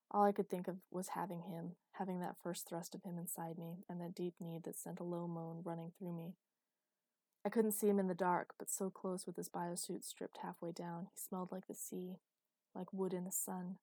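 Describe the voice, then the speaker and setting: A woman reading a first-person romance novel aloud, in a steady, intimate storytelling manner. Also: lowish voice, no echo. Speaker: narrator.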